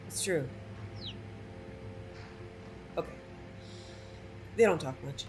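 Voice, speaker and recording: Lady playing a game and sassing the npcs, lowish voice, faint noise. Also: animated, normal speed, pauses often. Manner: snarky, playful, talking back to characters. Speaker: gamer streaming a playthrough. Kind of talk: casual gameplay commentary.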